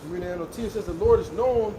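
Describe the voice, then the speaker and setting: A man reading scripture aloud slowly and carefully at a street preaching. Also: high-pitched. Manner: reads verses slowly and carefully. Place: outdoors on a street. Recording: roomy outdoor recording with traffic noise. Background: traffic and street ambience.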